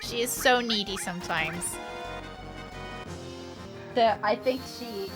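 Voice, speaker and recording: A woman's voice: medium pitch, takes it slowly, music in the background. A woman streaming live, chatting casually, cooing at her dog in baby talk and giggling as she thanks her viewers.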